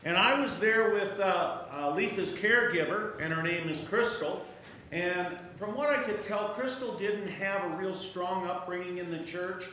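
A man sharing a story with a church congregation, animated and storytelling with joking asides, heard in an echoey church room from a distant mic. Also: high-pitched, measured pace, slight background noise. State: hard of hearing. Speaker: church speaker sharing a testimony. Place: church sanctuary.

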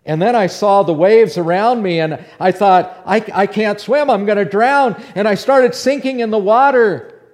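A man voicing the apostle Peter, a bold and outspoken fisherman, recounting what he witnessed in a first-person dramatic monologue. His voice sits a little high for a man. The telling is animated, dropping to near-whispers and then rising loud again. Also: moderate pace, close to an everyday voice. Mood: awed storytelling. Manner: animated storyteller, swinging between hushed and loud. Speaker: preacher in character.

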